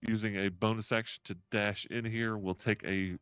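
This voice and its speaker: A man running a tabletop role-playing game as game master, animated and often laughing. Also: lowish voice, normal speed, smooth, no room sound, dull audio. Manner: animated, laughing, counting out moves.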